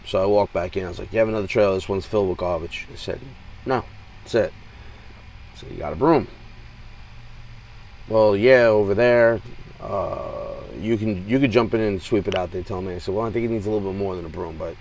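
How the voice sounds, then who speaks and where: A man's voice: fairly low pitch, recorded from a distance. A truck-driving man venting in a rambling, frustrated way, telling road stories with lots of fillers, from inside his truck cab. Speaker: truck driver vlogger. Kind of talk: casual venting monologue.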